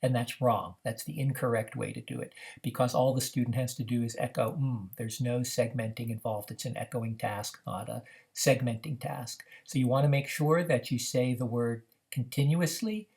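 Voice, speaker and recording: A man's voice: medium pitch, fairly even intonation, gravelly, darkish tone. Man explaining a reading lesson step by step. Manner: measured, explanatory, with frequent "uh" fillers. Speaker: reading program instructor. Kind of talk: instructional demonstration.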